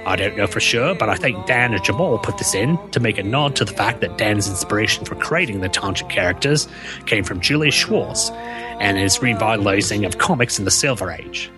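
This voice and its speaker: A man's voice: on the low side, expressive, fairly quick, music in the background, natural voice. Man putting on a mock Australian accent. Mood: hammy. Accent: put-on Australian. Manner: hammy, keeps breaking into laughter.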